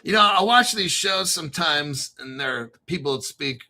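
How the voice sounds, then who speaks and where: A gravelly yet high-pitched man with a very bright, piercing tone runs a crypto show at a moderate pace. His talk is a loose, excitable ramble full of swearing, and he now and then spells names out letter by letter.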